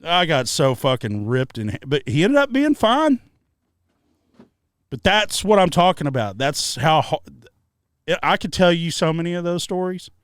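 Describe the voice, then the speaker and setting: A man co-hosting a podcast, telling stories in casual chat, animated and profane, shouting out the lines he quotes. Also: on the high side, a little slow, clear, resonant tone, dry recording, studio quality. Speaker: podcast co-host. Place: treehouse hangout.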